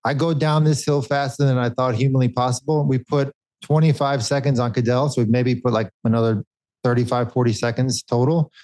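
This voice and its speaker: A middle-aged man, a former pro cyclist, telling a race story in casual podcast chat, animated and quick, cutting himself off mid-thought. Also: mid-range voice, rough recording. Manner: animated anecdote with quick bursts and self-interruptions.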